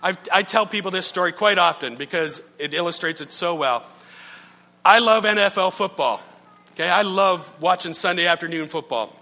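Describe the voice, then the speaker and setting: A middle-aged male pastor preaching in a relaxed, conversational way, telling stories, poking fun at himself and often checking in with his listeners. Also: sits high. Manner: storytelling, checks in with listeners, self-mocking. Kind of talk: conversational sermon. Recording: long reverb from a large hall.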